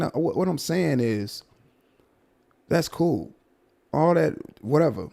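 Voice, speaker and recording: A man hosting a casual livestream commentary, talking to his viewers in a drawn-out, repetitive, emphatic way. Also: fairly high pitch, animated, vocal fry, dark tone.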